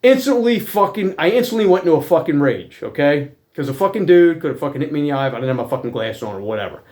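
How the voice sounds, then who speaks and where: A man's voice: a little high, animated, fast, darkish tone. A middle-aged man telling personal stories in a heated, profane rant, swearing constantly in blunt working-class talk.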